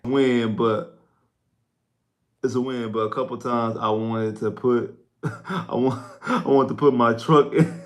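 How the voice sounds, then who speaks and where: A man hosting a casual postgame sports livestream, excitable and prone to repeating himself and stumbling over words. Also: mid-range voice, slow pace, long pauses.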